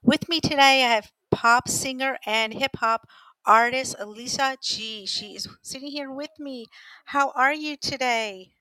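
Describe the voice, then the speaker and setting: A woman's voice: sits high, unhurried, pushed and bright, no room sound. A woman hosting a talk show, interviewing a guest in a chatty, encouraging way with plenty of fillers. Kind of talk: casual interview.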